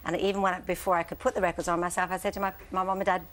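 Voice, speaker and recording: A woman in her sixties, chatting as a guest on a morning show, lively and given to laughing. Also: lowish voice, racing. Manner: chatty, laughing, breaks into song. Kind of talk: casual chat.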